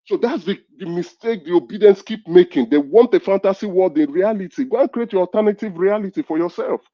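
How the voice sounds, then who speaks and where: A man's voice: sits high, brisk, lo-fi sound. A man, lecturing and arguing hard in a heated political debate, talking over the others. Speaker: caller in a political discussion.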